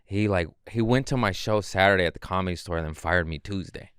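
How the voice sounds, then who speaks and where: A man, a comedian guest, telling stories casually and animatedly, swearing and acting out quotes in high voices. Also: fast talker, a bit bright, clean tone, no echo, clean studio sound. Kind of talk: casual storytelling.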